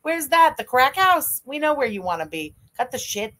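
A woman's voice: high-pitched, big pitch swings, moderate pace, fairly bright tone. A young woman streamer giving blunt, profane, mocking live reaction commentary and thanking viewers for donations. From Canada.

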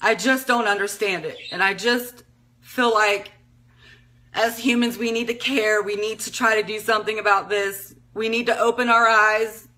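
A woman's voice: medium pitch, fairly even intonation, moderate pace, pushed and bright. A woman in her thirties making an impassioned, emotional appeal, tearful and pleading, often repeating herself. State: tearful, crying at times. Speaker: speaker addressing the public.

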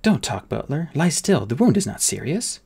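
A man's voice: fairly high pitch, big pitch swings, normal speed, gravelly, a little mellow, slightly rough, voice pushed up, heavily acted. A man voicing a formal, precise teenage boy genius who speaks in clipped sentences. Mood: anxious.

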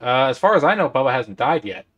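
A man with a bright, sharp voice plays in a tabletop game. He explains things plainly and calmly to the group. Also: medium pitch, quick pace, breathy edge, lo-fi sound. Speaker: player. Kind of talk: casual chat at a tabletop game.

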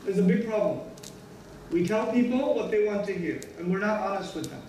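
A man's voice: high-pitched, animated, brisk, dark tone, a little hiss or hum. A man giving an earnest Friday sermon, acting out short everyday dialogues as he explains. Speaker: preacher. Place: large mosque hall. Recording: distant echoey hall recording.

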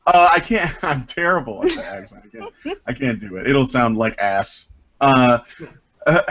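A man's voice: medium pitch, very animated, measured pace, fairly bright tone. A man hosting a casual group podcast, reading a listener's letter aloud with jokey asides and frequent ums. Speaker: podcast host. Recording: dull lo-fi audio.

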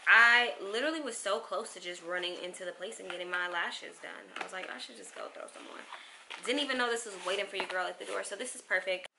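Excited young woman unboxing for her vlog. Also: medium pitch, fast, gravelly, hardly any pauses, noisy background. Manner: excitable, chatty, talks to viewers as y'all. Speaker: vlogger.

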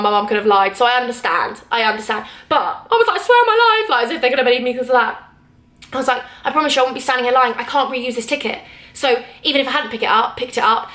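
Quick chatty girl in her 20s, ranting about her day, kinda high voice, echoey hotel room. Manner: animated, acts out both sides of conversations. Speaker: vlogger. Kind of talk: chatty storytelling vlog.

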